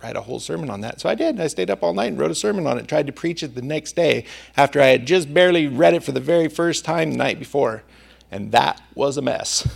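A man's voice: on the high side, vocal fry. A male preacher delivering a sermon, telling a personal story in a conversational manner.

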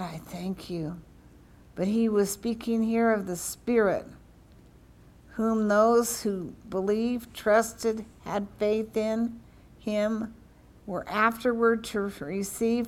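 A woman preacher delivers her sermon at an unhurried pace, with her voice in a middle register. She prays fervently and reads scripture with strong emphasis on key words. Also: mid-range voice. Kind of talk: sermon with prayer and scripture reading.

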